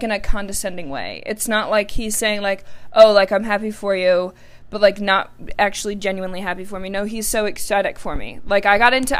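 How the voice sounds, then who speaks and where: Candid and rambling, a young woman on her own personal podcast keeps dropping "like" into her casual talk. Her voice is medium-pitched, somewhat bright and clean-toned.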